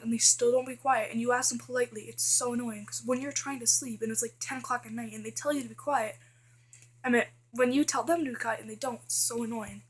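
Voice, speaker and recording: A woman's voice: fairly high pitch, fairly even intonation, fairly quick, slightly rough. A teenage girl vlogging casually, chatty and full of fillers, complaining about things that annoy her. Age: teens. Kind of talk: casual list vlog.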